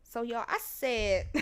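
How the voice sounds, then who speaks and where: A woman podcast host telling a story in casual chat, animated and laughing, acting out the people in it. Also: fairly high pitch.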